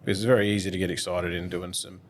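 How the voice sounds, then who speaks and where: A man, a guest accountant speaking in a measured, reflective way as he gives advice in casual conversation. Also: low-pitched, flat delivery.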